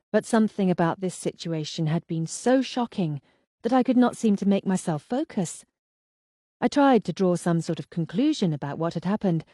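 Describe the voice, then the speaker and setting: A woman reads a first-person mystery novel aloud with even, expressive delivery. Her voice sits fairly low with a mellow, warm tone, recorded close and dry. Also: dry recording. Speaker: audiobook narrator.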